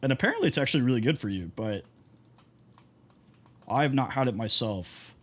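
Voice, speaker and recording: A man's voice: medium pitch, expressive, a little fast. A young man from Texas, a streamer chatting casually while gaming, rambling through stories with lots of fillers. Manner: rambling storyteller, heavy on fillers.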